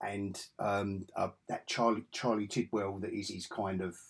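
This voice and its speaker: A man's voice: fairly low pitch, level tone, measured pace, gravelly, breathy edge. An English man with an enthusiastic, rambling way of talking, reviewing comic books in a casual vlog. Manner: rambling, enthusiastic, self-correcting.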